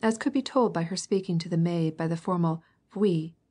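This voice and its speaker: A woman reading a classic novel as an audiobook narrator, measured and even. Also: lowish voice. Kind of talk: scripted narration.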